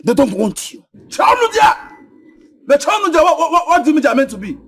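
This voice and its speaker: An actor playing a touchy, hot-tempered younger brother, shouting and stammering in a Nigerian English accent. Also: male voice, very high voice, very animated, a little fast, no room sound, studio quality, heavily acted. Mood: bitter. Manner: agitated, shouting, stammering repeats. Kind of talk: Nollywood film acting.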